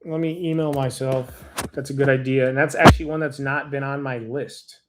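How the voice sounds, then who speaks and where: A man's voice: medium pitch, steady tone, moderate pace, noisy background. A man hosts a casual livestream, reading through viewer comments and thanking people one by one. His talk is rambling and heartfelt, with restarts where he loses his train of thought. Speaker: livestream host.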